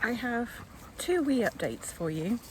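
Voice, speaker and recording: A woman's voice: a little high, big pitch swings, measured pace, over loud music. A woman, chatting casually in a book vlog, rambling along with plenty of fillers. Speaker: book vlogger.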